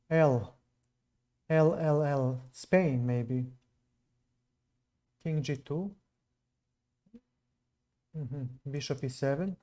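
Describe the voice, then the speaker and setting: Male chess streamer from Serbia, non-native English accent, slow unhurried delivery, soft dark tone. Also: a little high. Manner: slow, musing, chats with viewers between moves. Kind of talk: live stream commentary while playing.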